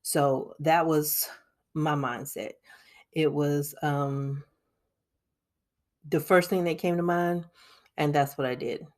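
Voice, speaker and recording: A woman's voice: deep voice, steady tone, slow, long pauses, a little mellow. A woman, chatting casually to viewers while walking through her monthly budget. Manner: chatty, addresses viewers as y'all, laughs often. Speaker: budgeting vlogger. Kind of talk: casual screen-recorded budget walkthrough.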